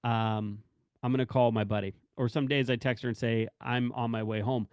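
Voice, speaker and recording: A man's voice: medium pitch, level tone, moderate pace, a little mellow, clear, resonant tone, dry recording, clean studio sound. A man who works in corrections talks candidly about work and family, rambling and correcting himself as he acts out bits of dialogue. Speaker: corrections officer speaking to staff.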